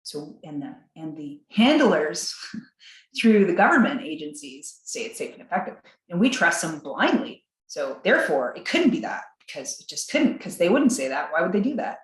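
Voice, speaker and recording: A woman guest on a podcast interview, talking in an animated way, acting out quotes in a higher voice and laughing between points. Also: normal speed, roomy sound, rough recording.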